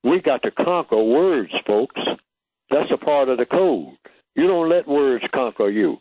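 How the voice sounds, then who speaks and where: Older man, radio guest, emphatic, rhetorical questions, mid-pitched voice, tinny phone sound. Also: lively intonation, measured pace, no room sound. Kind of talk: radio interview talk. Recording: tinny phone line, dry.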